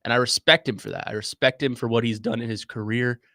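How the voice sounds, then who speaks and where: A young man co-hosting a sports radio show, talking in a halting, emotional way and stumbling over his words. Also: medium pitch, fairly even intonation, sharp tone, no echo, clean studio sound. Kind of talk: casual sports talk.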